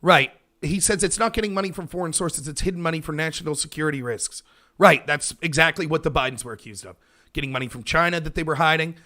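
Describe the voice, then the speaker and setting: A man hosting a political livestream, talking in a sarcastic, animated way and mocking his opponents. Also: fairly high pitch, quick pace. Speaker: host of a political talk show.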